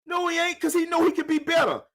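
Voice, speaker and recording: High-voiced man preaching in casual chat. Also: quick pace, fairly bright tone. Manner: emphatic, repetitive, preachy, profane. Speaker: podcast host.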